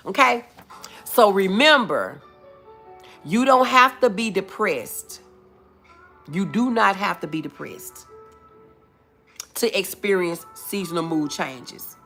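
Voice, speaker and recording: Woman livestream host, animated and chatty, warm pet names for viewers, soft music in the background. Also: a little high. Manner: chatty, calls viewers boo and baby. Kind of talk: casual live chat reading comments.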